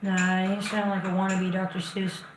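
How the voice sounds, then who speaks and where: A woman's voice: medium pitch, monotone, moderate pace, reverberant, very noisy. A woman hosting a casual livestream who talks in a brash, slangy and teasing way. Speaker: livestream host. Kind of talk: casual live-stream chat.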